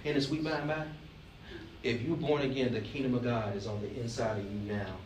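A man's voice: mid-range voice, steady tone, brisk, noisy background. A man from Alabama, preaching a sermon as pastor, emphatic and joking, asking the congregation questions. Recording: roomy, distant mic, faint ambience.

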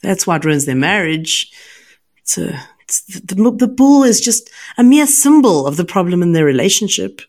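A woman co-hosting a podcast in casual chat, teasing and quick to react. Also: fairly low pitch, sing-song, darkish tone. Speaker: podcast co-host.

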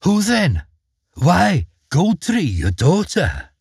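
A man's voice: high voice, huge pitch swings, slow pace, gravelly, a little mellow, breathy edge, no echo, studio quality, voice pushed up, full character voice. A man voicing a small, truthful trout, speaking grudgingly in a storybook reading. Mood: reluctant. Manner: reluctant, grudging truth-teller.

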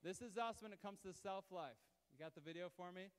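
The sermon comes from a high-voiced man preaching briskly in a church hall at a live service, his tone smooth and resonant. He keeps it loose and conversational, tossing asides to the congregation while the hall's long reverb lingers.

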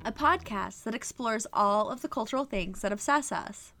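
A woman's voice: on the high side, lively intonation, moderate pace, music in the background. A woman in her thirties co-hosting a podcast, chatting casually with playful, mock-dramatic teasing. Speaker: podcast co-host. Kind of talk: casual chat.

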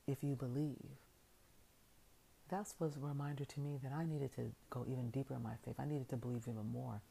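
Very low, gravelly-voiced woman preaching. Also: fairly even intonation, brisk, mellow, slight background noise, low-quality recording. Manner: storytelling retelling of scripture; builds with repeated phrases. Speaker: motivational speaker. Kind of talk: inspirational faith talk.

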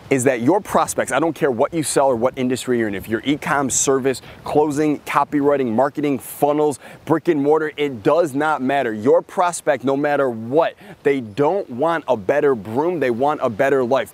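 A man's voice: medium pitch, a little mellow. A man hosting a podcast, giving an emphatic motivational marketing talk and acting out characters as he tells stories. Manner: emphatic storytelling, acts out characters. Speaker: podcast host.

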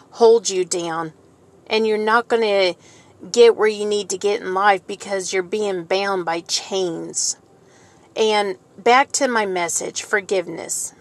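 A woman giving an informal, heartfelt sermon in an earnest, emotional way, repeating key phrases for emphasis. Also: medium pitch. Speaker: Christian speaker giving a devotional message.

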